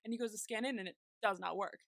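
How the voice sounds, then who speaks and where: A woman's voice: medium pitch, fairly even intonation, fast, vocal fry, no echo. A woman co-hosting a podcast, retelling TV scenes in casual chat and acting out the characters' lines with frequent laughter. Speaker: podcast co-host.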